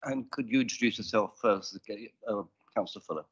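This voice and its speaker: Male committee chair, brisk procedural delivery on a desk mic in a council chamber, dull lo-fi stream. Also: lowish voice, fairly bright tone, husky. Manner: brisk, businesslike with dry asides. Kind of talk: formal meeting procedure. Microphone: desk microphone.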